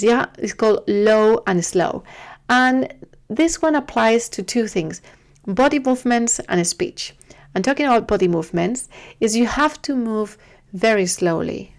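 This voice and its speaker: Earnest woman giving parenting advice. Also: medium pitch. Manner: earnest, repeats herself, gentle pleading. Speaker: parenting video host. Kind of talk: casual advice talk to camera.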